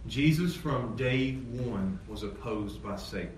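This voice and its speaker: A man preaching a sermon as pastor, animated, swinging from loud excited peaks to low emphatic lines. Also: takes it slowly, slight background noise. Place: church sanctuary. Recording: echoey church hall from far off, faint ambience.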